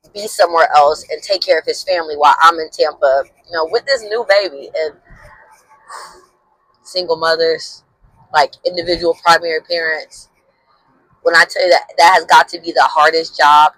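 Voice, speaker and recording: A woman's voice: fairly low pitch, a bit bright, no echo, low-quality recording. Heartfelt woman telling a personal story. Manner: heartfelt, emotional, many "like" fillers. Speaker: counselor and vlogger.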